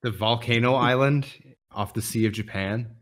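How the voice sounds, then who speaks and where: A man's voice: mid-range voice, normal speed, fairly bright tone. A man in a casual podcast discussion, reflective and candid, sometimes trailing off.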